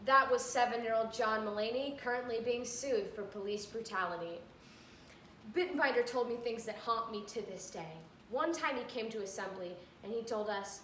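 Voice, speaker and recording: Woman, stand-up performer, bright lively voice, recorded from a distance with faint background hum. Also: fairly high pitch, moderate pace. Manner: animated, jumping into character voices. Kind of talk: stand-up comedy routine. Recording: echoey room, mic far off.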